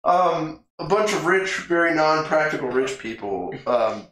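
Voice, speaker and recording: A rambling, laugh-prone man co-hosting a podcast, recounting a film in loose casual chat with a bright, forceful tone. His voice rings around a very echoey room, and he swears freely as he goes. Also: fairly high pitch, lively intonation, unhurried, slight background noise. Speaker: podcast co-host. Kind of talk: casual movie recap chat.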